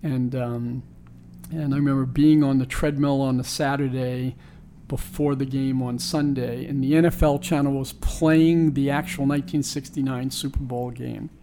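A man's voice: mid-range voice, fairly even intonation, moderate pace, mellow, slight background noise. Earnest older man telling a story. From New York. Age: 60s. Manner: reflective, earnest, restarts sentences often. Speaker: sports team owner, guest. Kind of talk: personal storytelling in an interview.

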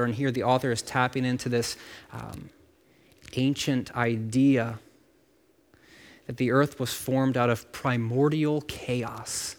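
A man delivering a sermon in a loose, conversational manner. He talks directly to his listeners, breaks off into asides and repeats words as he thinks aloud. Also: medium pitch. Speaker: pastor.

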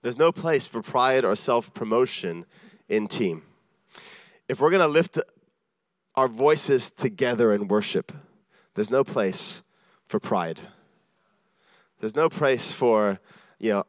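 A man's voice: mid-range voice, lively intonation, slow, pauses often, no echo, studio quality. A man preaching a sermon in an earnest, self-deprecating way, acting out the voices of the people he quotes.

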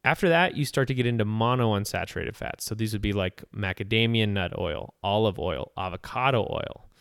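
A man hosting a podcast, explaining nutrition in a relaxed, steady way with casual fillers. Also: on the low side, moderate pace, vocal fry, clear, resonant tone, no echo, clean studio sound.

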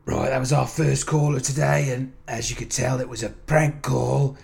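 A man hosting a comic football phone-in, deadpan and awkwardly tactless. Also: mid-range voice, moderate pace, vocal fry. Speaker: radio phone-in host, ex-pro footballer.

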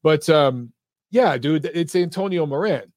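A man hosting a live boxing stream, talking casually with callers and reading chat, relaxed and profane, laughing easily. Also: fairly high pitch, unhurried, no room sound, studio quality. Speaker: boxing show host.

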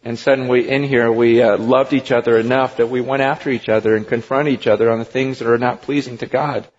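A man's voice: medium pitch, fairly even intonation, a little fast, darkish tone. A man preaching a sermon as pastor, emphatic and conversational, recorded in a church sanctuary. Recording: dull lo-fi recording with long hall reverb.

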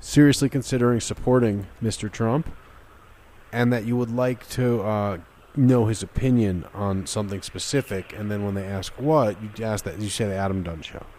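A man hosting a radio show, loud and excitable, giving bossy instructions to a caller. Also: lowish voice, normal speed, a little hiss or hum. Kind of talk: casual radio banter.

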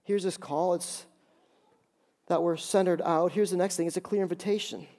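High-voiced man preaching a sermon. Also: fairly even intonation, moderate pace, darkish tone. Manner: emphatic preaching with repeated phrases; acts out dialogue in quotes. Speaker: pastor.

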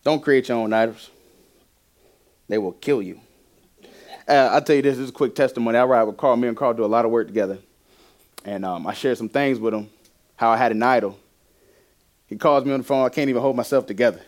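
A young man preaches a sermon built around his personal testimony, speaking animatedly and laughing often as he swings between loud and hushed. His voice is mid-range and a little fast, with long pauses.

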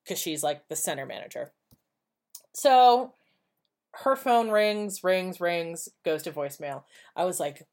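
A woman's voice: on the low side, moderate pace, darkish tone. Blunt, swearing woman telling a story. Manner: blunt and profane, reenacting dialogue. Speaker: podcast co-host. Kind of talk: casual conversational storytelling.

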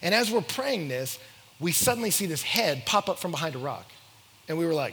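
A young man telling a story to an audience, acting out the quoted lines with big jumps in pitch and loudness. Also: big pitch swings, fast, husky. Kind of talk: animated storytelling talk. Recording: echoey hall with faint noise.

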